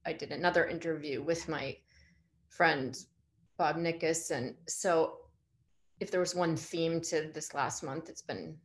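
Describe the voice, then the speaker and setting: Halting, hesitant woman artist in her forties. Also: low-pitched. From United States. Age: 40s. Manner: hesitant, halting, many restarts. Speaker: artist guest. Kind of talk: casual conversation.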